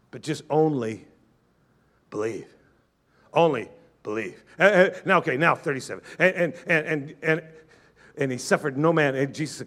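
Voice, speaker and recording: A pastor delivers a fervent sermon in a high, bright voice, calling on listeners to repeat lines back to him. He acts out their doubts in a lower, quieter voice before answering them.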